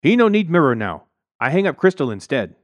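Guy doing a stern old housekeeper lady, clipped broken english, loud and pushy, storybook read. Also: a little high, sing-song, brisk, dry recording, muffled recording, voice pushed up. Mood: curt. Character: stern older female housekeeper, hawk-eyed.

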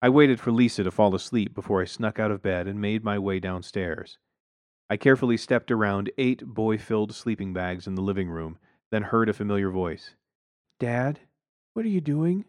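A man's voice: fairly low pitch, fairly quick, clear, resonant tone, no echo. A man narrating a first-person story with wry, dry humor.

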